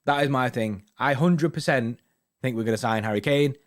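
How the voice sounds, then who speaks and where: A man's voice: medium pitch, normal speed. A young man hosting a football fan live stream, chatting casually with viewers, full of slang and tags like "innit" and "you know what I mean".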